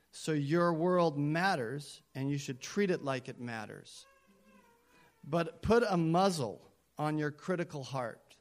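Fields: Sex: male. Style: conversational sermon. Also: on the high side. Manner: conversational, self-deprecating, emphatic repetition. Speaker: pastor.

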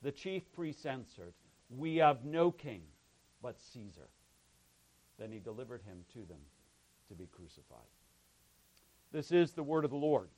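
A male pastor reading a scripture passage aloud in a measured, solemn way, then praying and beginning his sermon. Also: mid-range voice, big pitch swings, darkish tone, poor audio.

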